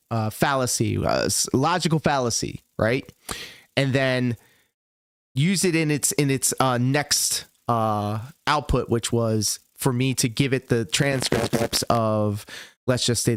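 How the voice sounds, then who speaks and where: A man's voice: mid-range voice, dry recording. Joking profane male stream host, dry sound. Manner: loose, joking, profane, laughs often. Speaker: livestream host. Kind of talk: casual reaction commentary.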